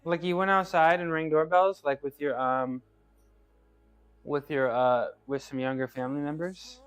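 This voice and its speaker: A man's voice: fairly high pitch, moderate pace, fairly bright tone, clear, resonant tone. A man chatting casually with his live-stream viewers as he trains, laughing easily and often restarting his phrases. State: working out. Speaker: streamer reading chat.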